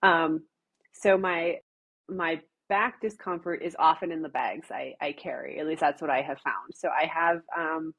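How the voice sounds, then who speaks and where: Husky Wisconsin woman, casual chat. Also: low voice, a little slow, fairly bright tone. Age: middle-aged. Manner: many fillers and restarts, thoughtful. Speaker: podcast guest.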